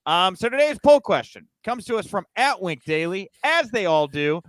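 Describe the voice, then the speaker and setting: A man's voice: sits high, big pitch swings, moderate pace, fairly bright tone, no echo. A man hosting a wrestling news podcast, chatting casually and giggling at his own rambling jokes. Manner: giggly, rambling, self-mocking. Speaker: podcast host.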